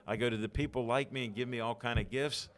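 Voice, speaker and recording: Older man from Pittsburgh, guest storyteller, acts out quotes, mid-pitched voice. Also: quick pace. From Pittsburgh, USA. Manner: animated storyteller acting out quoted dialogue. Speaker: podcast guest. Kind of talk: storytelling interview.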